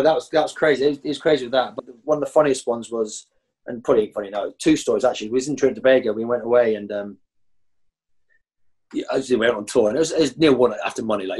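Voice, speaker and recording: Husky man telling rowdy stories. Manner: animated, jumps high when acting out others. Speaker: former professional footballer, guest. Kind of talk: anecdotal storytelling.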